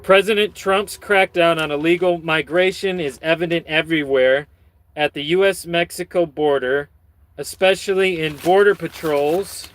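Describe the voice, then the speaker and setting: A man's voice: fairly high pitch, moderate pace, fairly bright tone. A man hosting his own channel, reading news stories with rambling, sardonic and profane commentary. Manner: rambling, sardonic, swears a lot. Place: lives in Michigan.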